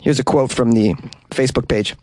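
A man's voice: mid-range voice, steady tone, normal speed, a little mellow, dry recording, clean studio sound. A man hosting a casual show who reads out odd news items and reacts with sarcastic jokes and casual swearing. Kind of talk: casual commentary on news stories.

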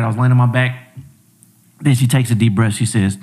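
A man's voice: medium pitch, quick pace. A young man, a podcast guest, telling a personal story in a loose, slangy way, repeating himself and acting out what people said. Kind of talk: casual storytelling chat.

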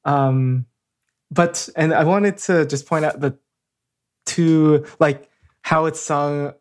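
A man's voice: fairly high pitch, steady tone, slow pace, pauses often. A man co-hosting a music podcast, sharing thoughts on a song with hesitant restarts. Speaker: podcast co-host. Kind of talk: casual chat about music.

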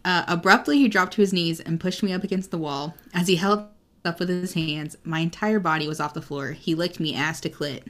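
A woman's voice: on the low side, fairly even intonation, fairly quick. A woman co-hosting a podcast in casual book chat, frank and crude, often laughing. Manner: frank, giggly, crude humor. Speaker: podcast co-host.

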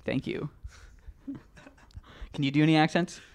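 A man's voice: fairly high pitch, fairly even intonation, slow. Laid-back comedian man saying dude. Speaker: stand-up comedian guest. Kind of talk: casual chat.

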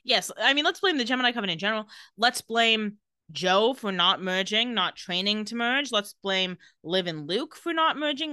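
Lively bright-voiced woman podcast host. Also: fairly high pitch, no echo, studio quality. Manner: animated, reads out scenes with quick quoted lines. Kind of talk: casual TV recap chat.

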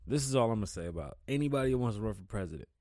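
Profane excitable male podcast host. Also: lowish voice, rapid-fire, dry recording, studio quality. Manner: loose, profane, excitable, stumbles over words. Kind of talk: casual solo podcast talk.

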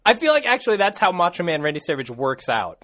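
Man co-hosting a podcast, playful banter, bright voice, very lively pitch. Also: fast talker, no echo. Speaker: podcast co-host. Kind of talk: casual chat.

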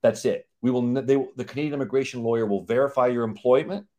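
A man with a middle pitch explains procedures with firm emphasis. He breaks into little acted-out exchanges, voicing clients and lawyers as he goes. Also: fast, warm tone. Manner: emphatic, acts out quoted exchanges. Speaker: guest, company CEO. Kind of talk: explaining live-stream chat.

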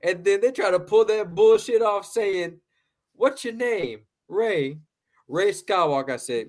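A man with a somewhat high voice hosts a casual movie review chat. He is blunt and profane and laughs often. He repeats words as he talks. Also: animated, unhurried, a little mellow. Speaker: podcast host.

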